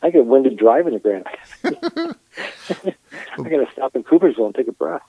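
A man's voice: mid-range voice, wildly swooping pitch, normal speed, gravelly, slightly rough, no room sound. Wry middle-aged man on a tinny phone line. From Michigan. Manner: wry, joking storyteller. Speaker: guest. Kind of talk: casual chat.

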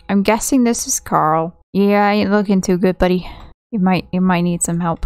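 A woman's voice: on the low side, fairly even intonation, moderate pace, darkish tone, clear, resonant tone, no room sound, studio quality. A woman hosting a gaming channel, chatting casually and reacting as she plays. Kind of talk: casual gameplay commentary.

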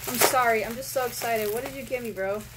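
A woman hosting a casual gaming unboxing vlog, chatty and excitable, often breaking into squeals and laughs. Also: on the high side, fast, heavy background noise. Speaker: gaming channel host.

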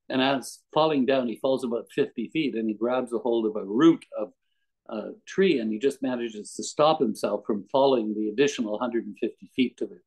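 A man's voice: lowish voice, a little mellow, poor audio. A man giving a conversational devotional talk as a guest speaker, mixing anecdotes and readings and chuckling often.

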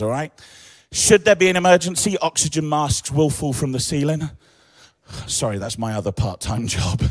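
An English man in his forties, emceeing an event with lively, joking stage talk. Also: mid-range voice, no echo. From England. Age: 40s. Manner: animated, joking, chatty.

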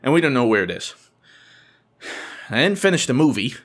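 Telling a funny story straight to camera, a young man is animated and excitable, often quoting others in squealing high voices. His pace is fairly quick.

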